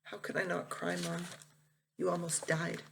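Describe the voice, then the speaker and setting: Woman reading as a pleading young son, pitched up, gravelly tone, storybook. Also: flat delivery, a little slow, a little hiss or hum. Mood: distraught. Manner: pleading, raised and strained. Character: young man, a grown son sobbing at his mother's bedside.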